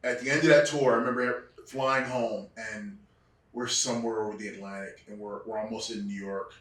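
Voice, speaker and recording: A man's voice: fairly low pitch, fairly even intonation, brisk, a bit bright. A man, a former wrestler, tells reflective stories in an interview, restarting often and acting out the people he quotes. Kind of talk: storytelling interview. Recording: echoey room, distant mic.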